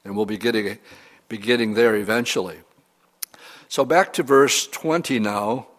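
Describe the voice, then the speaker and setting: A pastor reads scripture aloud and explains it, earnest and expressive, with pauses. He has a mid-range voice, and the recording carries long hall reverb.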